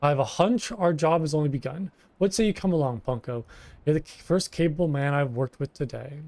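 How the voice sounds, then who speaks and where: A man reading the lines of a boastful soldier, delivered in a rough old-sailor dialect. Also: fairly high pitch, brisk, a little mellow, close to an everyday voice.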